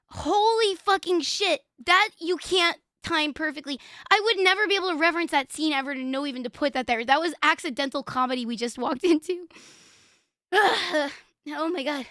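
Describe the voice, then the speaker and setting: A bright, high-voiced young woman hosting a live stream. She reacts in excited bursts, swearing freely and dissolving into laughs. Her voice sounds close and dry. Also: normal speed, dry recording. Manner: excitable, profane, breaks into laughter. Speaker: livestream host. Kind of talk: casual stream reaction commentary.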